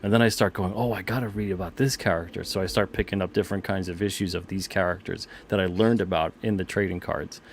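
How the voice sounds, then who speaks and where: Lower-voiced enthusiastic male guest. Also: steady tone, a little hiss or hum. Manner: enthusiastic, halting with many restarts. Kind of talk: casual conversation.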